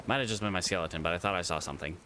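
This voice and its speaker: A man's voice: low voice, very fast, pushed and bright, a little hiss or hum. A man casually commenting as he streams a game, chatting to viewers and to creatures on screen.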